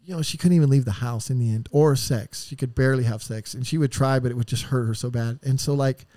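A middle-aged man, a podcast guest, telling a painful personal story in a raw, profane and heartfelt way, with sighs and halting restarts. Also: mid-range voice, mellow, no room sound.

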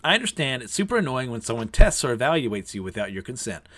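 A man's voice: mid-range voice, sing-song, fast, fairly bright tone. Man reading as a blunt young samurai woman. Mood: stern. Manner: blunt, businesslike. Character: stern ambitious young female samurai.

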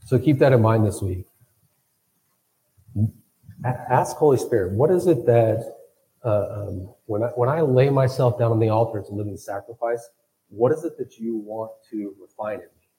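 A man's voice: medium pitch, animated, normal speed, long pauses, mellow, low-quality recording. A man preaching a sermon, thinking aloud and often repeating his words as he goes. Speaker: pastor.

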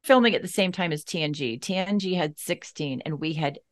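A woman's voice: sits low, fairly quick. A middle-aged woman co-hosting a podcast in casual chat, recalling and explaining details. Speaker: podcast co-host.

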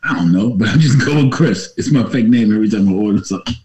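A man's voice: on the low side, expressive, quick pace, darkish tone, slight background noise. A man in his late thirties co-hosting a casual podcast chat, laid-back and slangy, laughing often. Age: 30s.

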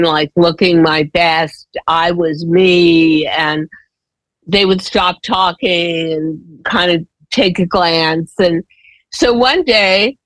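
Candid, emphatic woman with a lower voice. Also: a bit bright, no room sound, rough recording. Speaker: guest. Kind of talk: personal storytelling in a conversation.

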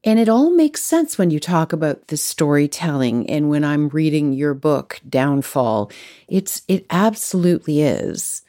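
A woman's voice: low-pitched, very animated, a little slow, dark tone. A woman interviewing an author, engaged and affirming, with admiring comments and questions.

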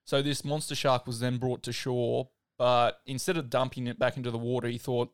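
A man's voice: mid-range voice, a little fast, hardly any pauses, clean tone, dry recording, studio quality. Australian man casually retelling a story. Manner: relaxed, filler-heavy retelling with "like". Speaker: podcast host.

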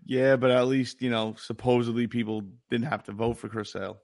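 A man's voice: mid-range voice, fairly even intonation, brisk, vocal fry, darkish tone. A man, co-hosting a podcast in casual sports banter and riffing in profane rants. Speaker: podcast co-host.

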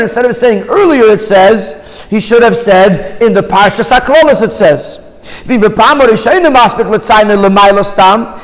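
A man teaches a Torah text study class, reading Hebrew phrases aloud and explaining each one in English. His voice is very high-pitched, and the rough recording carries a long reverb tail.

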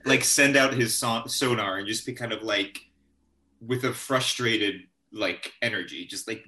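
A man's voice: on the low side, a little slow, pushed and bright. A man playing a tabletop game in a playful manner, acting out his character's actions.

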